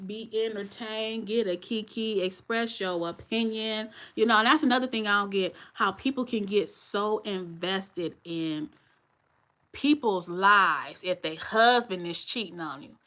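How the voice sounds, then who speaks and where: A woman's voice: mid-range voice, pushed and bright. A woman in her forties hosting a live stream, talking bluntly and straight to her viewers. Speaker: channel host.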